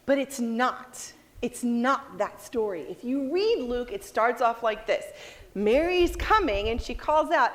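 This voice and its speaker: A woman preaching a sermon, telling a story with expressive delivery and acting out the people in it. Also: fairly high pitch, unhurried, long reverb tail.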